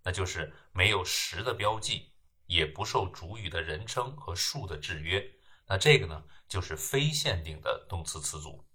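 A man giving a grammar lesson, explaining terms in a measured way and then reading example sentences. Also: deep voice, sharp tone, breathy edge. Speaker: English grammar teacher. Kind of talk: slow lecture narration with read example sentences.

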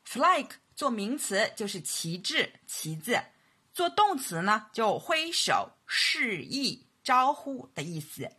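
Slow husky woman teaching English. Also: on the high side, sing-song, bright, forceful tone. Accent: Mandarin Chinese. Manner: slow, clear model sentences repeated for learners. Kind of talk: language lesson narration.

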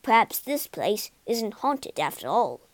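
A woman voicing a skeptical male ghost expert in a storybook reading, deadpan. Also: medium pitch, measured pace.

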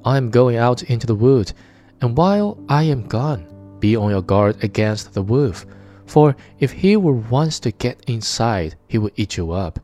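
A man's voice: mid-range voice, lively intonation, a little slow, dark tone, soft background music, lightly acted. A man voicing a caring old mother goat who warns her children, in a read-aloud fairy tale. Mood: warning.

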